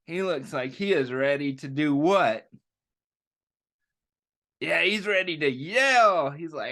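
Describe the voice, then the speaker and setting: At story time, a man reads a picture book aloud to young children, pausing often to ask them gentle questions. He speaks slowly and expressively, his voice rising and falling a lot, pitched slightly above the usual for a man.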